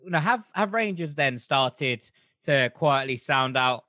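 Upbeat young male podcast host, casual and chatty, mid-pitched voice, dry close mic. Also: expressive, measured pace, sharp tone, dry recording. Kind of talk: casual chat.

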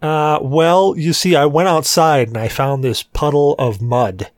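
A man's voice: a little high, measured pace, no echo, studio quality. A man hosting a podcast, teasing his guests in crude joking banter. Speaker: podcast host.

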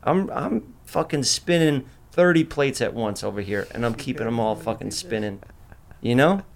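A man's voice: medium pitch, lively intonation, normal speed, vocal fry. A young man hosting a podcast in a loose, boastful way, swearing freely and talking over the others. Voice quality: brash, profane, boastful. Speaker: podcast host. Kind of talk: casual chat.

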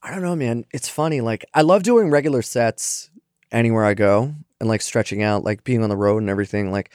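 A man's voice: medium pitch, brisk, a little mellow, no room sound, clean studio sound. A young man, a stand-up comedian, chatting loosely in an interview, with many fillers and casual swearing. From Philadelphia area.

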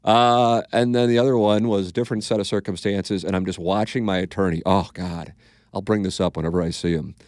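A man's voice: low voice, fairly even intonation, brisk, darkish tone, no echo, clean studio sound. A man with a St. hosting a podcast, telling stories in a blunt, profane, casual way and acting out quotes. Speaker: podcast host. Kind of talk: casual storytelling chat.

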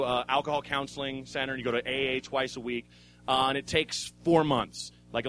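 A man's voice: mid-range voice, a bit bright, a little hiss or hum. A man doing stand-up in a comedy club, telling a rambling, self-mocking story with restarts and swearing. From Oregon, USA. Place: live comedy club stage.

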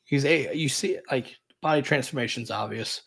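A man's voice: mid-range voice, moderate pace, creaky, fairly bright tone, breathy edge. A man co-hosting a sports podcast, rambling casually and hedging often as he breaks down the team. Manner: rambling, hedges a lot with repeated fillers. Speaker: podcast co-host.

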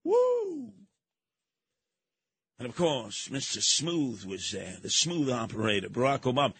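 A man hosting a talk radio show, delivering a brash, mocking monologue with frequent shouting and a New York accent. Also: medium pitch, animated, moderate pace.

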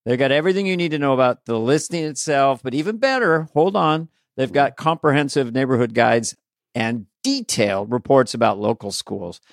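A man's voice: medium pitch, moderate pace, no room sound, clean studio sound. Upbeat man, podcast co-host. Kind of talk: casual chat and ad read.

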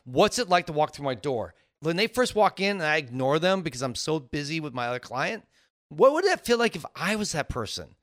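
Animated, bright-voiced male podcast co-host. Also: a little high, fairly quick. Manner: animated storyteller, acts out quoted voices. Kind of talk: casual chat.

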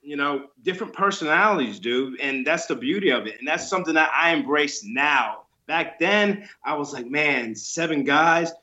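A man in his thirties, a former wrestler guest chatting casually and acting out stories with lively voices. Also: a little high, moderate pace, hardly any pauses, muffled recording. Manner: animated storyteller, acts out quotes with voices. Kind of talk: casual interview chat.

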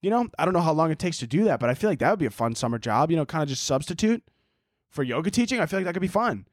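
Profane, sarcastic man with lively pitch. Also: racing, no room sound, clean studio sound. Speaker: podcast host. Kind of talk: casual advice segment.

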